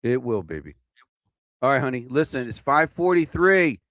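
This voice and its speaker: A man's voice: mid-range voice, very animated, moderate pace, fairly bright tone, no room sound, studio quality. A middle-aged man hosting a casual live stream, rambling, cursing and laughing at his own jokes.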